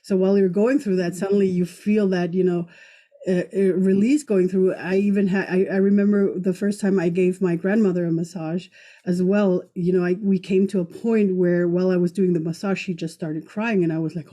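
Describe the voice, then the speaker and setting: Mellow-voiced woman podcast host. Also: mid-range voice, steady tone, normal speed. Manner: warm and rambling, hesitant restarts. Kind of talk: casual podcast conversation.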